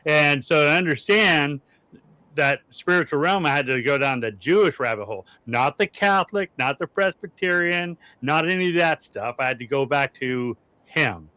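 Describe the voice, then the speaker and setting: A man's voice: fairly high pitch, expressive, normal speed, pushed and bright, no room sound. A middle-aged man with an Arkansas accent, a paranormal investigator speaking earnestly on a panel over a video call, explaining in a preacher-like way. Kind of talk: casual panel chat. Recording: dull lo-fi audio.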